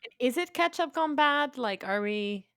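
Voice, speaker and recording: Animated woman guest, giggly and self-mocking, dry close-mic sound. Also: high voice, moderate pace, no echo. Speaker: podcast guest. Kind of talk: casual comedy chat.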